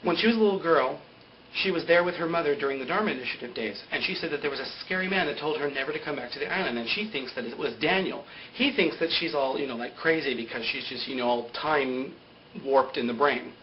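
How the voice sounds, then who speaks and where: A young man with a slightly high voice rattles through a TV episode recap, loose and chatty, packing in "like" and "you know" and laughing at his own jokes. The sound is dull and lo-fi, like a home video setup. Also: fast, a little hiss or hum. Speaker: TV recap vlogger. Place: indoor greenscreen video setup.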